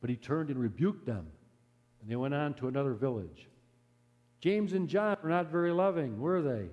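A man preaching a sermon who tells a story in an earnest, measured way and drops to a hush at solemn moments. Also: fairly high pitch, expressive, big-room sound, muffled recording.

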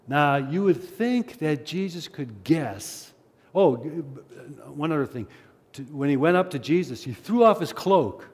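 Slow and somewhat high-voiced, a preacher reads a scripture passage and brings it to life by acting out the beggar's and crowd's cries. He's animated, drops in casual asides, and the sound carries a long hall reverb.

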